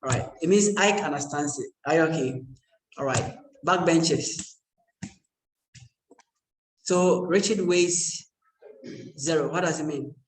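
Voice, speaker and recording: With a fairly high voice, a measured pace, and long pauses, a man lectures a university class in an echoey room. He stays conversational and joking, frequently checking in with his students.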